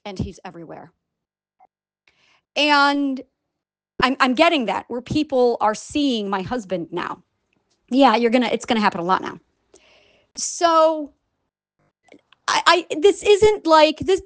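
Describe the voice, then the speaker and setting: High-voiced, profane woman rambling to camera. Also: dry recording. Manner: rambling, emphatic, profane, with frequent restarts. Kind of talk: casual monologue to camera.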